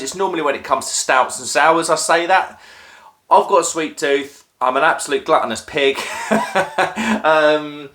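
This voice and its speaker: A man's voice: on the high side, a bit bright. Rambling man making a drink. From Norfolk, England. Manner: rambling, self-deprecating, many filler ums. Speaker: craft beer video host. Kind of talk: casual chat while making a drink. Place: at home, crouched down. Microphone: phone.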